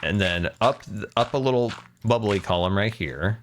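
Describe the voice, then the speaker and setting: A man's voice: fairly low pitch, expressive, normal speed, slight background noise. A man in his thirties streaming a game, chatting playfully with a friend and putting on a theatrical tone now and then. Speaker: Minecraft streamer. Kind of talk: casual gaming stream chat.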